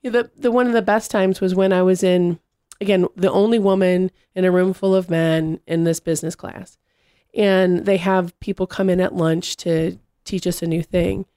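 A woman in casual conversation, telling animated stories and acting out what people said. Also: fairly low pitch, moderate pace, clear, resonant tone, dry recording, clean studio sound. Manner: animated storyteller, acts out quotes.

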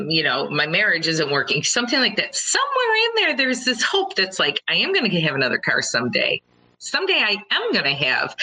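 A middle-aged woman giving an earnest motivational talk to listeners, telling personal stories with animated quoted reactions. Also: low voice, rough recording. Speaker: speaker addressing listeners.

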